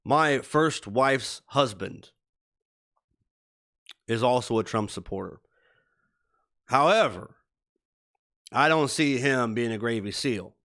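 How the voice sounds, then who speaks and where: A man's voice: mid-range voice, animated, slow pace, pauses often, fairly bright tone. A man in his thirties rants on a live stream in a profane, heated, rambling way. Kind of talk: casual ranting live stream chat.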